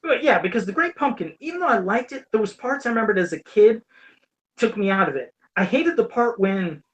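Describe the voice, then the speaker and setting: A man's voice: high voice, animated, a little fast, fairly bright tone. Rambling, laughing podcast host man. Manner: rambling, laughs often, swears casually. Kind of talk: casual chat.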